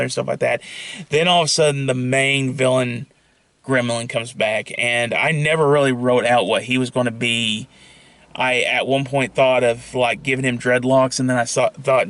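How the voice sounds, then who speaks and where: A young man pitching his own film idea in a casual, rambling monologue full of fillers and restarts. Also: flat delivery, moderate pace, a bit bright, smooth, no room sound.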